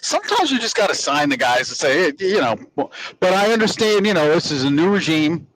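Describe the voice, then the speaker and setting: A man's voice: fairly high pitch, sing-song, fairly quick, fairly bright tone, rough recording. A man in his sixties, a sports podcast host, chatting casually and rambling through stories with many restarts. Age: 60s. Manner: rambling storyteller, lots of restarts and "you know".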